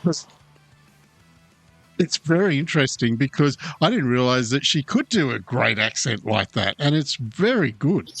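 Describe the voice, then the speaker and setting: A man's voice: mid-range voice, big pitch swings, a little slow, vocal fry, a bit bright, breathy edge, no room sound, faint music behind. A man co-hosting a film podcast, talking in an earnest, encouraging way. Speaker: podcast co-host. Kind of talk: casual film chat.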